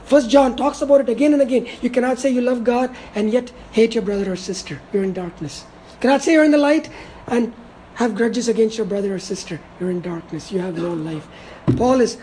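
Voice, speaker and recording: A woman delivers a verse-by-verse sermon in a slightly high, mellow voice. She is emphatic and repeats key words for weight. She slows right down when she drives a point home, with a faint hiss of noise behind her. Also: low-quality recording. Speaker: preacher. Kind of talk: expository sermon.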